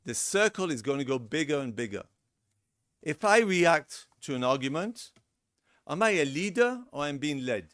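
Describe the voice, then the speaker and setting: A man's voice: fairly high pitch, very animated, moderate pace, fairly bright tone, dry recording. Middle-aged guy giving a seminar talk, repeats himself a lot, dry close sound. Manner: conversational, acts out example lines, repeats words. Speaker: seminar lecturer. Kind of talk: relationship seminar lecture. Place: lecture room.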